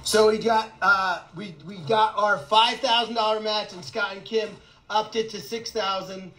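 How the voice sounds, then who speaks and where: A man running an animal sanctuary, chatting excitedly and rambling with lots of laughter in a casual fundraising video outdoors. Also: high voice, unhurried, low-quality recording. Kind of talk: casual fundraising vlog chat.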